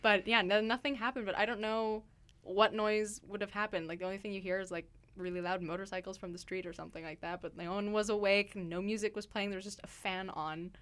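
A woman's voice: medium pitch, steady tone, fairly quick, a bit bright, clear, resonant tone. A woman co-hosting a casual studio chat, rambling through stories with frequent laughs. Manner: giggly, rambling storyteller. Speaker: radio co-host. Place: radio studio.

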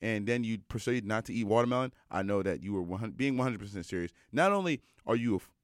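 A young adult man telling a personal story in a casual monologue, animated and emphatic, with many fillers. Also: lowish voice, fast talker, dry recording, studio quality.

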